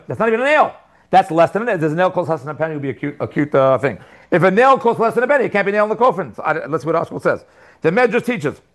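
A man teaching a religious text class, reading passages and thinking aloud with lots of rhetorical questions. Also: on the high side. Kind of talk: lesson with text study. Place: living outside America.

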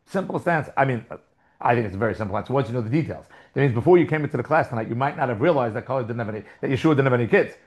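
A man's voice: medium pitch, animated, racing, a little mellow. A man teaching a live Torah class, talking conversationally, restarting phrases and putting questions to his students.

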